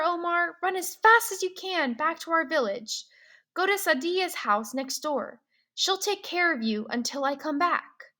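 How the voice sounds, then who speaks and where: Lady doing a soft urgent mom, slow and bright. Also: sits high, heavily acted. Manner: gentle and urgent. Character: loving mother calming her young son.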